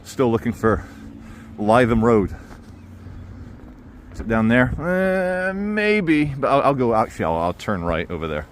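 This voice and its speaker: A man's voice: mid-range voice, sing-song, a little slow, a little hiss or hum. A man walking through town streets and filming himself, giving wry, sarcastic running commentary as a YouTuber. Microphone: handheld camera mic while walking.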